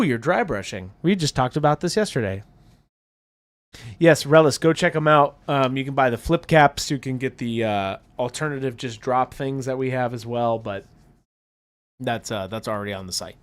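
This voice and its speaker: A chatty man co-hosting a relaxed livestream, talking as he paints miniatures. His voice moves around a lot in pitch, and he laughs easily while he answers viewer comments. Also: moderate pace. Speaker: livestream co-host.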